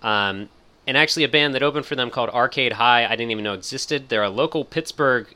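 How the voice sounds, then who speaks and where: A young man co-hosting a podcast, excitable and swearing casually as he chats about games and concerts, his voice a little worn. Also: medium pitch, fast. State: losing his voice. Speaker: podcast co-host. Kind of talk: casual chat.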